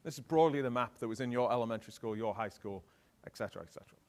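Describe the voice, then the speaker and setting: A middle-aged British man speaks at a conference keynote with an animated, swooping delivery. He keeps turning to the audience with questions, and his voice sits at an ordinary middle pitch. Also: very fast. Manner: lively, asks the audience questions.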